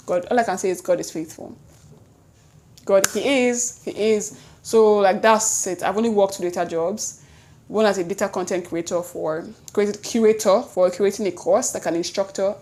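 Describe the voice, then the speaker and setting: A young woman with a Nigerian accent, telling a story in a lively, chatty way to her vlog audience. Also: fairly low pitch. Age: young adult. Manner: lively, chatty, quick self-corrections, Nigerian slang interjections. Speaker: vlogger. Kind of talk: casual storytelling to camera.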